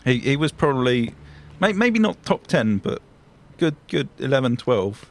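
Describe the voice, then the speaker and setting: A man from England co-hosting an improvised comedy sketch, delivering deadpan, stammering banter. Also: medium pitch, normal speed, vocal fry. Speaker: comedy podcast co-host.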